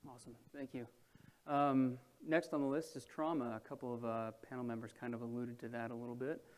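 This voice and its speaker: A man's voice: mid-range voice, little pitch movement, a little fast. A man moderating a panel and addressing an audience in a room, talking in a conversational way that keeps checking in with the listeners. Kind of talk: presentation to an audience.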